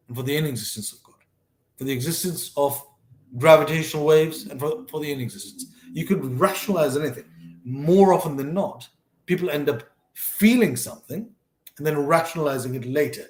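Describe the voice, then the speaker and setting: Reflective man in an echoey room. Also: on the high side. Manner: thoughtful, conversational, often restarts and self-corrects. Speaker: host sharing life lessons. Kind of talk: casual reflective monologue. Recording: roomy echo.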